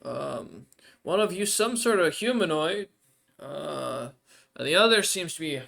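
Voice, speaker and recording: An ancient male desert wanderer, put on by a man running a tabletop game. He sounds friendly and chatty and draws his words out slowly. His voice sits a little higher than a typical man's. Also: expressive, gravelly, pushed and bright, full character voice.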